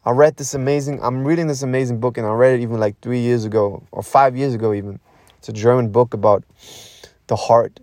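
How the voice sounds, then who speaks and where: A young man hosting a podcast, talking in a raw, intense monologue that swears a lot, repeats itself and pauses to breathe. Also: medium pitch, steady tone, darkish tone, no room sound, clean studio sound. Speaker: podcast host.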